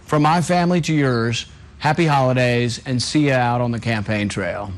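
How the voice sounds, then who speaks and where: A man running for president giving a recorded New Year greeting in a measured, speech-like way. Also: medium pitch. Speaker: presidential candidate.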